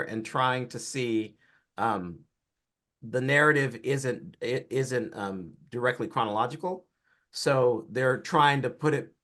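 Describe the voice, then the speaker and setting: A film director from Georgia, a man, giving relaxed, explanatory interview answers about his career and work. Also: mid-range voice. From Atlanta, Georgia, US.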